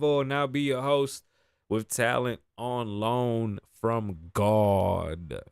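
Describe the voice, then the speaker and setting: A man's voice: medium pitch, extremely slow, gravelly, clear, resonant tone, a faint crowd. A man hosting his live show, talking casually and profanely, telling stories with sighs and laughs. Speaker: host. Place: Las Vegas.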